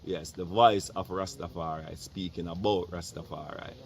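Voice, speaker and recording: A man's voice: low voice, moderate pace, a little hiss or hum. A man giving a solemn, litany-like promo greeting for a radio network. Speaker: community representative giving a shout-out. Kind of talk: recorded promo shout-out.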